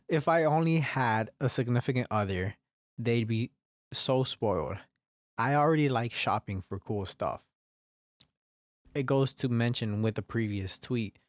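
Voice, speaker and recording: A man's voice: medium pitch, lively intonation, unhurried, long pauses, no room sound, studio quality. Profane rambling young man podcasting. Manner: profane, rambling, swears constantly. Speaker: podcast host. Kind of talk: casual solo podcast talk. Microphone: studio microphone, varying distance.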